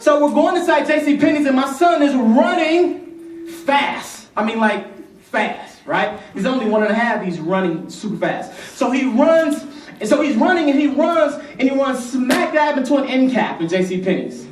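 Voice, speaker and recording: A young man giving an energetic motivational speech to a youth conference, calling on the crowd to repeat his words. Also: extremely high pitch, moderate pace, slight background noise. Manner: energetic, rhythmic, rallies the crowd. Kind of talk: motivational speech with call-and-response. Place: large conference hall. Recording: echoey hall from far off.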